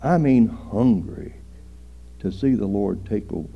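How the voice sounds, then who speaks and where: A man preaching a sermon slowly and earnestly, drawing out phrases and rising for emphasis. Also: lowish voice, vocal fry. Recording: dull lo-fi sermon recording.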